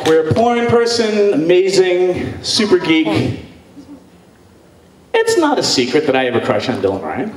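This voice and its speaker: Man, bawdy live storyteller, goofy and animated, high voice, echoey hall, crowd laughter. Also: measured pace, distant mic, background noise. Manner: animated and goofy, breaks into sung nonsense sounds. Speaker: sex educator telling a story on stage. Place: stage before a live audience.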